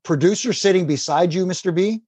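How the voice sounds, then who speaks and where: A man's voice: high voice, a little fast, darkish tone, husky, dry recording. A man, a former wrestling referee, telling casual stories with restarts and laughter. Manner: rambling anecdotes with restarts and laughter. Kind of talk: casual storytelling.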